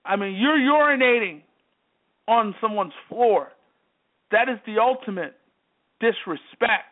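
A man hosting a sports talk show, delivering an emphatic, repetitive monologue that keeps hammering the same phrases. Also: sits high. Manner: repetitive, emphatic, worked-up commentary. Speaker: sports radio host. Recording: tinny phone-line audio.

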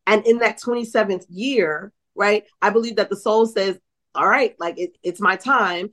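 Her pitch is medium and her speed normal. This New Orleans psychic medium and author, middle-aged, is a lively storyteller during a conversational interview, performing the dialogue she quotes and sprinkling in plenty of "right?" asides.

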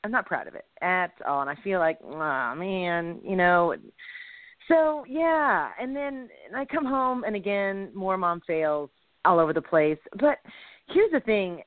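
A woman co-hosts a Christian comedy talk show, chatty and self-deprecating, laughing often. Her pitch leaps and swoops lively as she talks. The sound is dry and tinny, like a phone call. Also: a little slow, no echo. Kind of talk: casual chat.

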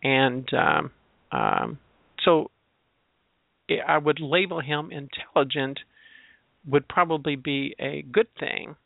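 A man's voice: on the high side, very animated, slow pace, gravelly, long pauses, no echo. A man who works as a transgender educator, explaining his views in a searching, reflective way and leaning on personal examples. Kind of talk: spoken reflection on labels. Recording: tinny, dry phone-line sound.

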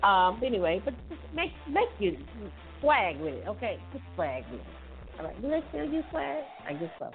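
A woman's voice: mid-range voice, very animated, moderate pace. A woman hosting a casual tips show, chatting loosely with many fillers and restarts. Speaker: host giving health tips. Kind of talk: casual chat. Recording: tinny phone-like audio with faint music.

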